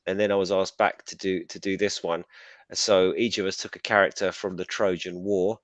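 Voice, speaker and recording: Guy rambling on a stream, kinda low voice, dry sound. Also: level tone, moderate pace, no room sound. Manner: chatty, self-deprecating, rambling. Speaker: author and regular co-host. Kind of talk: casual live-stream chat.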